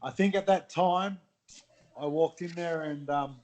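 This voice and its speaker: A man's voice: a little high, measured pace, a little mellow. A middle-aged man with an Australian accent, telling his story as a podcast guest in a candid, blunt way with some swearing. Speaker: guest, former athlete. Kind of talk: casual podcast chat.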